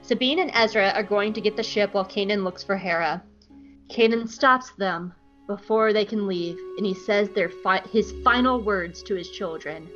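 A woman hosting a podcast, recapping an episode in an animated, profane, jokey way on a close mic. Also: mid-range voice, normal speed, highs cut off, faint music behind. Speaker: podcast host.

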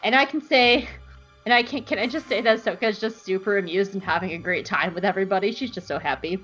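A woman's voice: medium pitch, quick pace, fairly bright tone, husky, dull audio, soft background music. A woman hosting a podcast who recaps an episode in a playful, giggly, casual way. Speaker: podcast host.

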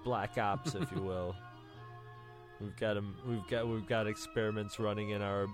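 A man's voice: fairly low pitch, fairly even intonation, moderate pace. Wry male podcast co-host with music behind. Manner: joking, wry banter. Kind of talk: casual podcast chat.

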